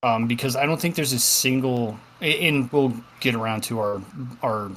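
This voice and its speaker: A man's voice: mid-range voice, moderate pace, fairly bright tone, a little hiss or hum. A man co-hosting a casual gaming podcast, rambling with lots of fillers and the odd swear. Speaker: podcast co-host.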